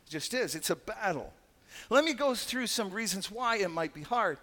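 A Canadian pastor with a fairly high voice preaches in a casual, joking way and slips into little voices for the people he quotes. His talk rings out with the long reverb of a large church hall. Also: expressive, normal speed, sharp tone. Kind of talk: sermon.

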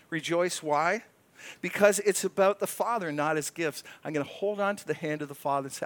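Pastor, male, slightly high voice, earnest, chatty sermon with frequent restarts. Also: moderate pace. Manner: earnest, conversational preaching with stumbling restarts.

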